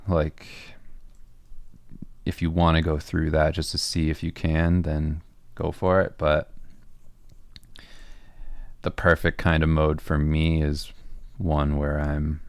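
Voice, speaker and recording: Here the gravelly, very deep-voiced comic artist and podcast co-host takes it slowly, pausing often as he rambles through viewer questions about his art on a livestream. His pitch hardly moves, he uses lots of fillers and restarts, and the recording sounds close and dry.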